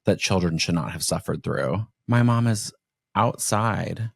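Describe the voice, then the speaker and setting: Low gravelly-voiced podcast host. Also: male voice, a little slow, dry recording, studio quality. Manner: rambling, animated storyteller. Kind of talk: casual chat.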